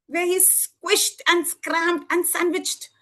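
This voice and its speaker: A woman telling a lively children's story at a storytelling evening, with expressive voices and sound effects. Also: very high-pitched, slow. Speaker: storytelling student. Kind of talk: live storytelling performance for children.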